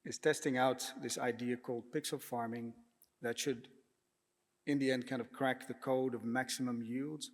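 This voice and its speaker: A man of ordinary pitch gives a prepared talk to a panel audience, in a measured way that often pauses on "uh" and "um". His voice carries the long reverb of a lecture hall. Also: fairly even intonation. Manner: measured, with frequent hesitations and throat clearing. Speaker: panel speaker, architect.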